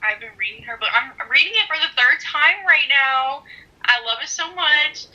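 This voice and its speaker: A woman's voice: sits high, animated, moderate pace, bright, forceful tone, lo-fi sound. A woman on a video call gushing with enthusiasm, giggly and effusive. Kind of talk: casual message on a video call.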